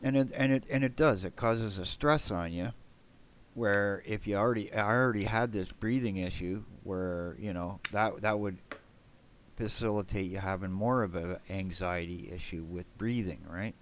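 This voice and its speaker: A man's voice: lowish voice, normal speed, a little hiss or hum. A man streaming a game live, rambling bluntly to his chat, swearing and tagging his remarks with "man" and "right?". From Canada.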